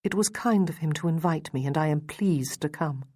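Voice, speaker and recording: A prim young schoolteacher, prickly and clipped in her indignation, voiced by a woman reading aloud. Her voice sits on the low side. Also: normal speed, darkish tone, breathy edge, no echo, clean studio sound. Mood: cool.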